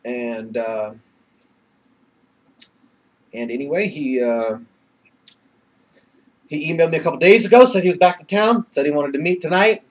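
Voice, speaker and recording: A man's voice: fairly high pitch, normal speed, long pauses. A young man vlogging into his webcam, rambling with lots of fillers and swearing, nervous and emotional, often breaking into laughter. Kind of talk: casual webcam vlog.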